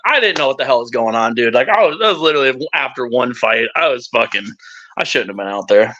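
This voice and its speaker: A man's voice: on the high side, quick pace. A young man telling rowdy stories in a casual, profane chat as a guest on a live stream. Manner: profane, animated storyteller. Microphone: live-stream mic. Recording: dull lo-fi stream audio.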